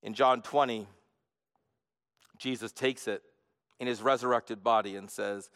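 A man preaching a sermon as a pastor, earnest, moving between hushed and emphatic delivery. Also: medium pitch, normal speed. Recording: long reverb of a large hall.

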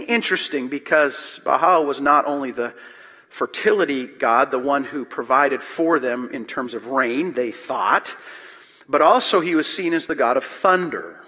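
A man preaching a sermon, reading scripture aloud and explaining it, swinging from loud emphatic reading to quiet asides. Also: mid-range voice, a little slow. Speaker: pastor. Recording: long reverb of a large hall.

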